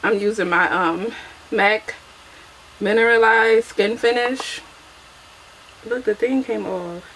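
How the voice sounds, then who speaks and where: A woman's voice: fairly high pitch, slow, a bit bright, a little hiss or hum, rough recording. Chatty young woman doing her makeup. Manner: chatty and self-deprecating, laughs often. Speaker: beauty vlogger. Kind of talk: casual get-ready-with-me chat.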